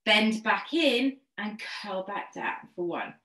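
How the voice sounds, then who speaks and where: With a mid-range voice that is bright and forceful, and lively intonation, a woman takes things slowly as she teaches online pilates. She's a fitness instructor in an echoey room, a bit out of breath, encouraging the class with step-by-step cues and rep counts.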